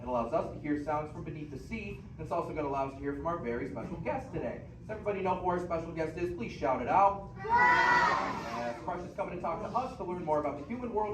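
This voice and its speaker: A male show host briefs a theater audience, his voice high and lively as he announces rules and leads a chant. He sounds distant in an echoey room with noise around. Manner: upbeat, clear announcing to a crowd. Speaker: theme park show host. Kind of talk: audience safety briefing and warm-up. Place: indoor theater.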